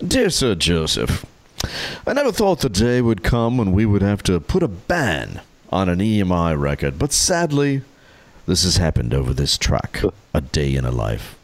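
A man's voice: deep voice, huge pitch swings, moderate pace, no room sound, heavily acted. A man putting on an English accent to read as a formal, older broadcasting chief. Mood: stiff.

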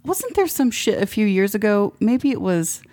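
A woman's voice: mid-range voice, sing-song, normal speed, mellow. A woman in casual chat, rambling and swearing freely. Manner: rambling, frequent profanity.

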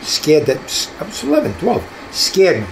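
An older man tells stories from his years as a detective, slipping into the voices of the people he quotes. His voice sits a little high for a man. A faint hiss runs under the talk. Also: moderate pace, gravelly, poor audio. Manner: animated, acts out quoted voices. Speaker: retired detective guest. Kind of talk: storytelling in an interview.

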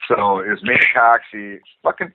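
A man's voice: on the low side, lively intonation, normal speed, noisy background. Profane man telling a story over a tinny line. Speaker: guest, former hockey player. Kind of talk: storytelling anecdote. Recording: phone-like narrow band.

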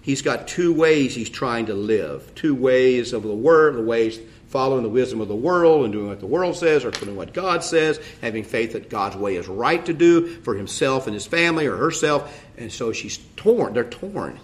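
A middle-aged man with a drawl gives a conversational sermon from the pulpit. His delivery is folksy and animated, with plenty of asides, and his pitch swings widely from phrase to phrase. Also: normal speed, hardly any pauses. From United States. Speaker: pastor.

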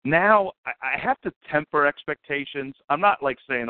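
A man's voice: fairly high pitch, animated, normal speed, smooth, dry recording. A man co-hosting a casual sports podcast, earnest and self-deprecating, stammering as he starts his thoughts. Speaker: podcast co-host. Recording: dry, phone-like lo-fi audio.

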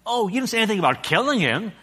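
A man's voice: sits high, very animated, racing, bright, forceful tone, breathy edge, voice pushed up, full character voice. A preacher voicing a timid, wavering male ghost who stammers and pleads in a raised voice. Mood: wheedling. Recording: echoey hall.

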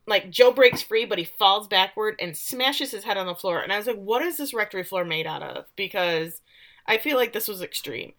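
Middle-aged woman, co-host, bright tone; animated casual recap. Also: medium pitch, normal speed. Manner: animated storytelling, acts out quotes with laughs. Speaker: podcast co-host recapping a show.

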